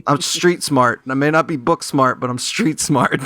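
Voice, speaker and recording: A man's voice: mid-range voice, unhurried, no room sound. Rambling joking man, dry sound. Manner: joking, rambling, deadpan absurd riffs. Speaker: comedy game show panelist. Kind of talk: improv comedy game show banter.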